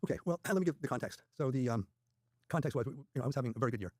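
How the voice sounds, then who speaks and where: Man, interview guest, rapid anecdotes, quoted dialogue, husky voice, very fast. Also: mid-range voice, lively intonation, darkish tone, no echo, clean studio sound. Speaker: guest trader. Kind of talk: interview storytelling.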